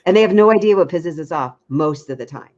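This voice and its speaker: A woman dating coach giving frank, lively advice in a casual chat, acting out little quotes. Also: low-pitched, fast, lo-fi sound.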